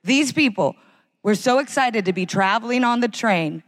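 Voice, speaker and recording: A woman's voice: on the high side, expressive, normal speed. A woman doing sardonic live stand-up comedy on a concert hall stage, mimicking voices. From United States.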